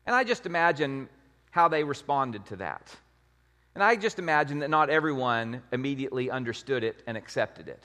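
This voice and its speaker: A man's voice: mid-range voice, animated, brisk, sharp tone, in a large hall. A man preaching a sermon as pastor, in a conversational, emphatic way with many rhetorical questions.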